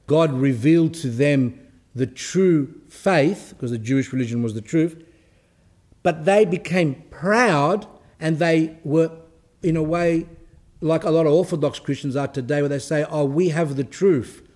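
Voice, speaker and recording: A man delivers a sermon to his congregation in a fairly high voice. He speaks emphatically, repeating key phrases and laying out his points one by one. He drops in an occasional Greek church word while he explains. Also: measured pace, a little mellow. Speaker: Orthodox preacher. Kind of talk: sermon teaching.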